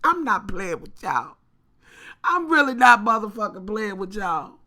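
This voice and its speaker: A woman's voice: medium pitch, big pitch swings, unhurried, bright, forceful tone. A woman vlogger telling a story casually and talking straight to her viewers, cursing freely and with lots of animation.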